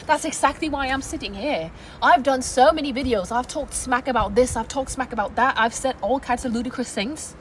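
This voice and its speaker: A woman's voice: high voice, brisk, hardly any pauses. A woman YouTuber giving a playful, emphatic motivational talk on an outdoor balcony. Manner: energetic, playful, emphatic repetition. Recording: noisy outdoor ambience with traffic.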